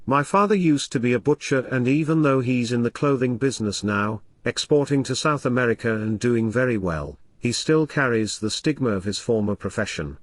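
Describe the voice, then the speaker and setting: A male audiobook reader voices a bitter, worn-out young mother of three, her lines weary and sarcastic. He pitches her slightly lower and softer than his narration yet keeps the intonation expressive and moving, at a moderate pace with hardly any pauses. The natural voice is recorded dry and close, with no room sound.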